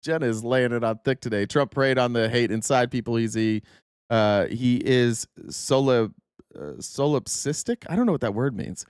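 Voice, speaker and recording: A political talk show host runs a live stream, reading viewer comments bluntly and casually while swearing freely. His medium-pitched voice is smooth and a little mellow at a moderate pace, recorded cleanly in a studio with no echo.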